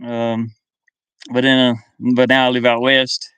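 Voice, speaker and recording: A man's voice: mid-range voice, completely flat delivery, measured pace, a bit bright, smooth. A man from the American South with a faint Southern drawl, chatting casually on a live stream from his van, reading viewer comments and chuckling often. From US South (Kentucky and Virginia). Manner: easygoing, chuckles often, thinks aloud.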